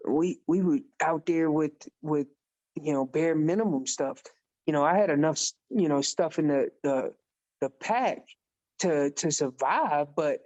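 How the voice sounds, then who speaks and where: Animated storytelling man on a podcast. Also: fairly high pitch. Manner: animated storyteller who acts out quoted dialogue. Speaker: podcast guest, elk calling champion. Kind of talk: casual storytelling.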